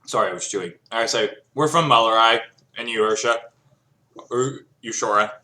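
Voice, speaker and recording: A man's voice: medium pitch, moderate pace, sharp tone. A young man playing in a tabletop game, laid-back and joking, describing his character's actions. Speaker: player. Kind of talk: tabletop role-play chat.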